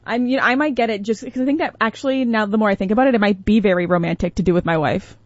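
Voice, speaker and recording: A woman's voice: medium pitch, very fast, dry recording. Playful female morning radio co-host, dry close sound, slightly muffled. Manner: playful, laughs while talking. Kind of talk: casual morning radio banter.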